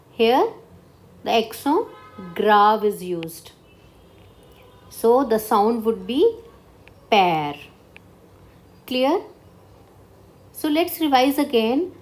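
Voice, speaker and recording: Slow, higher-voiced woman teaching French. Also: expressive, a little mellow. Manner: slow and deliberate, checking understanding with "clear?". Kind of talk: online language lesson.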